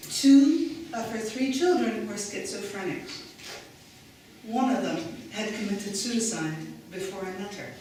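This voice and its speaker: A woman's voice: mid-range voice, unhurried, mellow, slight background noise. A woman giving an inspirational talk on stage, telling a story in an emphatic way. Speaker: speaker. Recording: echoey hall from far off.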